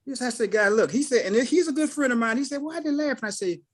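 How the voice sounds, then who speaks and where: This middle-aged man, a participant on a group call, speaks quickly in a very high voice. His casual testimony is made of personal stories, which he tells animatedly while acting out the voices of the people he quotes.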